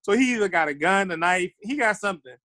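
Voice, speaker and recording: A man's voice: high voice, expressive, fast talker, pushed and bright, no echo. A man from Baltimore, a podcast guest telling blunt, profane stories in casual chat and acting out the quotes.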